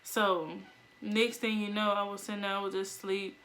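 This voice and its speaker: A young woman telling a story casually, animated, laughing and acting out the voices of people in it. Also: medium pitch, normal speed, slight background noise. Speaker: vlogger.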